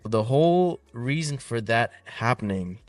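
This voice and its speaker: A man's voice: mid-range voice, expressive, measured pace, no room sound. Laid-back young man telling stories. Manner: laid-back storyteller, swears casually. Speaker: podcast co-host. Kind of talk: casual chat. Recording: slightly distant mic, dry room, faint music.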